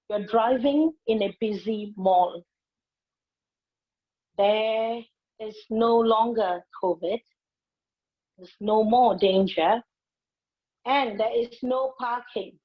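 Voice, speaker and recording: A woman in her forties delivers a motivational speech at an unhurried pace, her voice slightly husky and a touch high. She tells her story with lively expression. The sound is muffled, like lo-fi streamed audio. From Malaysia. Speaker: invited speaker, public speaking teacher.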